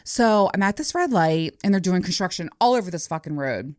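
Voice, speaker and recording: A woman's voice: fairly low pitch, brisk, no echo, studio quality. Profane, laughing woman podcaster in her forties. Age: 40s. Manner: laughing, profane, animated storytelling. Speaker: podcast host. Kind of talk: casual solo storytelling.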